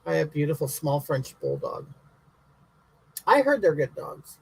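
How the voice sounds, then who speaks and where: A man's voice: fairly high pitch, sing-song, unhurried, gravelly, slight background noise, full character voice, rough recording. A man playing a brash, bigoted elderly woman who answers viewers' comments in a comic livestream, talking in blunt, indignant, rambling rants.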